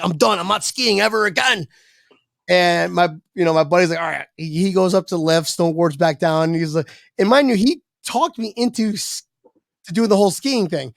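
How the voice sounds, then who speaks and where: A man telling a long anecdote as a podcast guest, lively and profane, acting out the voices of people in it. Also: high-pitched, creaky, no echo. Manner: animated, swearing, acts out quoted voices. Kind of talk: casual storytelling on a podcast.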